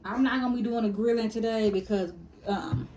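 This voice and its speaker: A woman's voice: fairly high pitch, fairly even intonation, fairly quick, darkish tone, slight background noise. A woman, chatting casually to her viewers as she cooks in her home kitchen and calls them y'all and baby. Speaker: cooking vlogger. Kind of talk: casual cooking tutorial.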